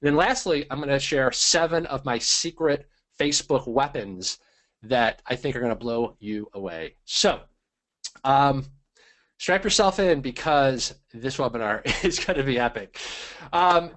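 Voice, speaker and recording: Here a webinar host with a medium-pitched voice runs a live online training session. He's pumped up, calls out viewers by name, and leans heavily on filler words.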